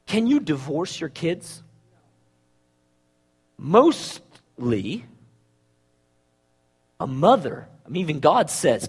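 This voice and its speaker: A man preaching a sermon, asking the congregation rhetorical questions and swinging from loud emphasis to hushed words. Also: a little high, sing-song, measured pace, pauses often, husky.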